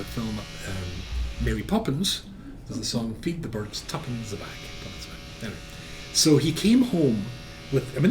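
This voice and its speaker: Animated rabbi telling a story. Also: male voice, medium pitch. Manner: animated storyteller with frequent fillers. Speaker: rabbi teaching a class. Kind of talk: storytelling Torah lesson.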